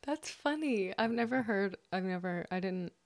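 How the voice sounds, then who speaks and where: A woman's voice: mid-range voice, lively intonation, normal speed, vocal fry, no echo. A woman co-hosting a podcast in casual chat, answering in short, giggly reactions. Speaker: podcast co-host.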